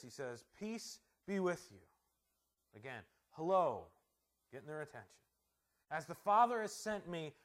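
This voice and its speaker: Man, middle-aged, high voice, pastor, conversational sermon, rhetorical questions, loud and soft by turns.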